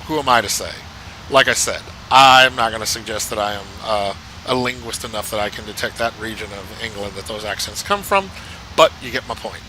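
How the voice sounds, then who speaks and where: A chatty man gives casual, enthusiastic commentary full of rambling asides. His voice is very bright and forward, with a faint background hiss. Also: lowish voice, lively intonation, fairly quick, low-quality recording. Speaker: flight simulator reviewer.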